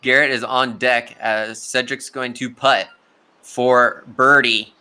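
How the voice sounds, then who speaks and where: A man's voice: medium pitch, level tone, slow, bright, forceful tone, clean tone. A young man giving casual live play-by-play commentary on a video game golf tournament, chatty and talking straight to the players.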